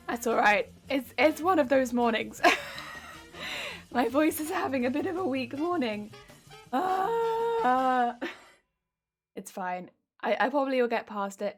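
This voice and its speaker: A woman craft streamer chatting casually on a live stream while hoarse, her wheezy voice cracking as she talks. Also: sits high.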